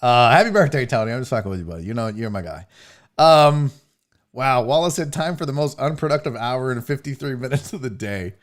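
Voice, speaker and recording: A man's voice: mid-range voice, fairly quick. A man hosting a live sports stream, chatting casually and profanely with viewers, joking and telling stories about home. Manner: animated, profane, joking with chat. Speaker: host of a live sports show.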